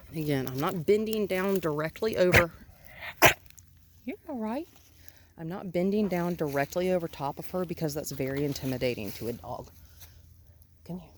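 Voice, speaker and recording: A woman with a low voice coaches a dog on a walk, explaining her technique as she goes. She talks in a calm, coaxing way, dropping in quick praise between points. Steady outdoor noise sits behind her voice. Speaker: dog trainer. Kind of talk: instructional walk-along narration. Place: outdoors on a residential road.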